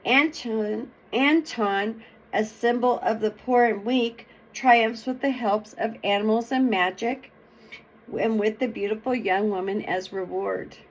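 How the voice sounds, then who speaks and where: A woman reading folk tales aloud as a storyteller, slow and expressive. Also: on the high side, poor audio. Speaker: storyteller and channel host.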